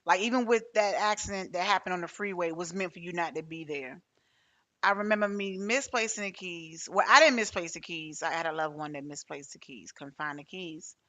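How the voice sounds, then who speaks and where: A woman's voice: on the low side, a little fast, fairly bright tone. A woman hosting a podcast interview, talking casually and hesitantly, with many restarts as she tells a personal story. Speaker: podcast host.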